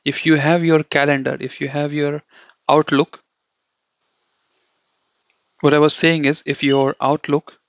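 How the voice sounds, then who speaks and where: A man's voice: fairly high pitch, level tone, a little slow, pauses often, dry recording. A man teaching German from slides in a casual, rambling way, repeating himself and checking in with "okay?" and "you know". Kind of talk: casual slide-based lesson. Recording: dry, dull lo-fi sound.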